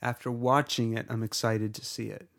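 A man's voice: mid-range voice, level tone, normal speed, gravelly, fairly bright tone. A man co-hosting a podcast in casual chat, rambling and joking, sometimes putting on a bad British accent. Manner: rambling, jokey, mock British bits. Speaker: podcast co-host.

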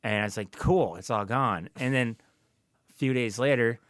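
A man's voice: mid-range voice, moderate pace, a bit bright, dry recording, clean studio sound. A man co-hosting a podcast, telling stories in a casual, profane, ranting way. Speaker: podcast co-host. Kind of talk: casual chat.

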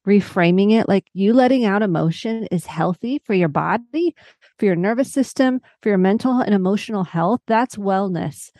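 A woman psychotherapist, a guest on a podcast, explaining her work in a lively way and acting out her clients' voices. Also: medium pitch, moderate pace, no echo. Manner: animated, acts out clients' voices. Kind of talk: conversational podcast interview.

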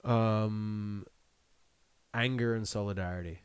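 A man's voice: fairly low pitch, fairly even intonation, slow, smooth, dry recording. A young man chatting as a podcast guest, laughing often, rambling and swearing freely. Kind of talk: casual interview chat.

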